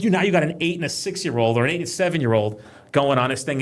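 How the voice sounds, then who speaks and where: A man talking in a casual podcast chat, profane and quick, telling animated stories about his kids and work. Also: on the high side. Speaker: podcast guest, police trainer.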